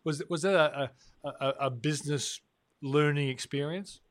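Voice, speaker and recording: A man's voice: fairly high pitch, steady tone, moderate pace, dry recording. A man hosting an interview, asking probing conversational questions. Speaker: host.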